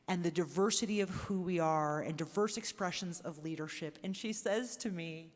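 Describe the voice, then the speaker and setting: A woman's voice: lowish voice, moderate pace, hardly any pauses. A woman closing a live panel talk with a story, earnest and building to rising questions. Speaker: panel moderator closing a synagogue conversation. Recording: reverberant hall recording.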